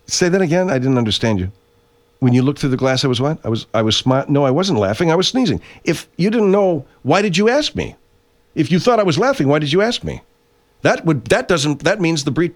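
A comedic radio character: a defensive middle-aged voice-over performer with a blocked nose, played by an actor in a slightly high voice. He argues, curses, stammers and restarts, all while claiming he isn't laughing.

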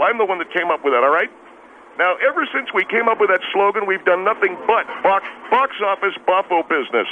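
A man's voice: high-pitched, voice pushed up. A man voicing a boastful, hot-tempered middle-aged male steakhouse owner who brags and gets defensive, heard over a phone line. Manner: bragging, defensive, blows up. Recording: tinny phone line with hiss.

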